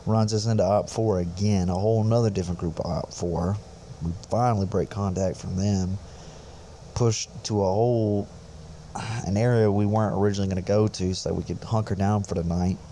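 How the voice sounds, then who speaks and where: A man's voice: on the low side, fairly even intonation, fairly quick, mellow, a little hiss or hum. A young man on a podcast, telling a rambling, profane army story in a laid-back, casual way. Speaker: podcast host, infantry soldier.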